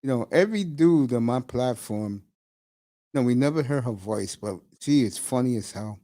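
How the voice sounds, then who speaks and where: The host of a morning talk show, a middle-aged man, chats freely with his listeners on a casual live stream, full of slang and laughter. His mellow, medium-pitched voice is animated and moves at a moderate pace.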